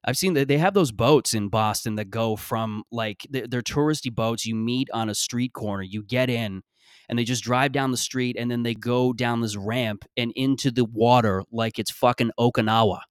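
A man's voice: medium pitch, moderate pace, smooth, no room sound, studio quality. A man around thirty hosting a solo podcast, rambling, sarcastic and profane in casual talk. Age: 30s. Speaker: podcast host.

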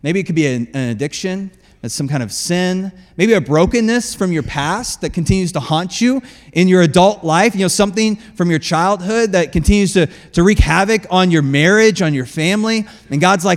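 A man preaching a sermon as pastor, conversational and animated, laughing often and acting out quotes. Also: high-pitched, fairly quick, long reverb tail.

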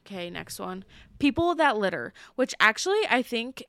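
Young female podcast co-host: crisp, high-ish voice, ranting animatedly in casual chat. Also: normal speed, no room sound, clean studio sound. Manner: animated, heated ranting with rising outbursts.

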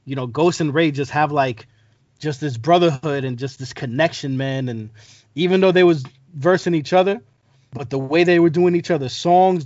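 A man in a casual chat, talking in a relaxed, slangy and agreeable way. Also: mid-range voice, no echo. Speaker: podcast co-host. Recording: dry, slightly dull recording.

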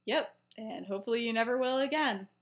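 A woman voicing an ashamed, withdrawn teenage boy wizard who answers in flat, clipped lines. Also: a little high, fairly quick, dull audio, natural voice.

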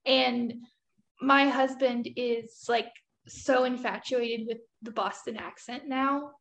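A woman tells a casual, amused story in a high voice with a gravelly fry at the edges. A faint hum sits behind her, and she keeps the tone light. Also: steady tone, slow pace, fairly bright tone. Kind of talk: casual chat.

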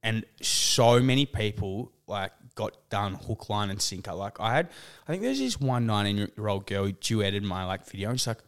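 A man's voice: fairly low pitch, very animated, moderate pace, smooth. Rambling guy saying "like". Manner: rambling, full of "like" and "mate". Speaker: podcast co-host. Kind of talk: casual chat.

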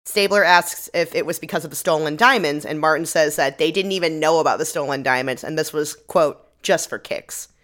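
A woman with a somewhat low voice talks through a crime show recap in loose, casual chat. She laughs easily and slips into quick impressions of the characters. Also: fairly bright tone. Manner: laughs often, acts out quotes. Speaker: podcast co-host.

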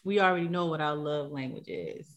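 A woman, co-hosting a podcast in relaxed, teasing chat. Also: low-pitched, brisk. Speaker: podcast co-host. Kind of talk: casual chat.

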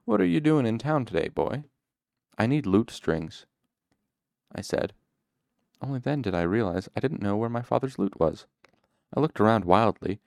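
A man reading a novel aloud in the first person, with measured, steady storytelling. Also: lowish voice, gravelly, dry recording, clean studio sound. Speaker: audiobook reader.

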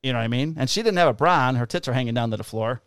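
Racing through it, a cop tells a rowdy on-the-job story in an animated, profane way, putting on the voices of the people he quotes. The recording is close and dry with no echo, catching his clear, smooth voice at a middle pitch.

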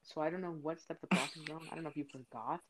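A young South Florida woman hosts a casual podcast chat, drifting off on tangents, swearing freely, and often saying "you know what I mean." Her voice sits low and she talks very fast over a noisy background.

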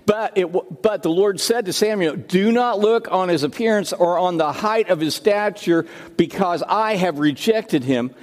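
A man's voice: high-pitched, normal speed, long reverb tail. A man who is senior pastor, preaching a sermon and telling stories, often repeating his words and restarting phrases. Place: church sanctuary.

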